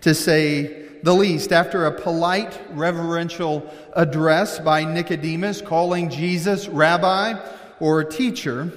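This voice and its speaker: A man with a notably high voice delivers a sermon as a returning pastor. He talks easily at first, then presses his points with rising emphasis. His voice rings out with a long reverb through a large church hall. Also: a bit bright. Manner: conversational preaching, building to emphatic points. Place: church sanctuary.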